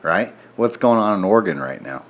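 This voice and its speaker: A tipsy man co-hosting a podcast in casual chat, joking loudly, laughing and swearing a lot. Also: lowish voice, expressive, a little fast, lo-fi sound. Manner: loud, profane, joking, laughs often. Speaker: podcast co-host.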